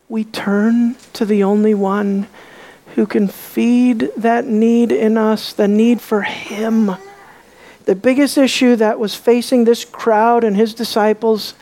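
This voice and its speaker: A woman preaching a sermon, emphatic and full of rhetorical questions, dropping to a hush on key words. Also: mid-range voice.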